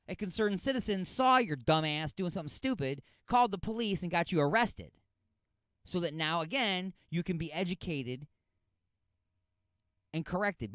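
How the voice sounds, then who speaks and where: A fairly high-voiced man hosts a radio talk show and rants about a news story with biting sarcasm. His delivery is lively and full of swings in pitch as he scolds with exasperation. The sound is close and dry, with no room around it. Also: normal speed, no echo. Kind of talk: ranting commentary on a news story.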